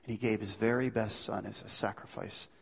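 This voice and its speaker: A male pastor delivers an earnest, pleading sermon. His voice is husky and often sinks to a hushed low tone. The sound is dull and carries a long echo from a large hall. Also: steady tone, fairly quick.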